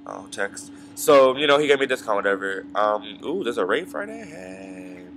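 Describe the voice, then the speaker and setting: A man's voice: lowish voice, lively intonation, normal speed, a bit bright, slight background noise. A young man telling a long story in a casual, rambling rant, swearing freely and filling it with ums and side remarks. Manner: rambling, profane, full of fillers and asides. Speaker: vlogger.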